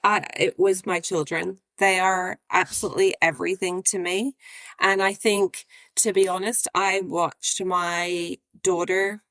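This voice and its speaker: A woman's voice: fairly low pitch, level tone, unhurried, a bit bright, no room sound. Earnest woman physician, dry close sound. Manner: earnest and heartfelt, repeating phrases. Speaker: guest physician. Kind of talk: candid interview conversation.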